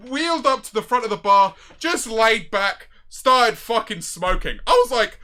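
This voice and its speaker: A young man telling a story casually as a streamer, animated, swearing often, with loud bursts of excitement. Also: high voice, unhurried, hardly any pauses. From Britain.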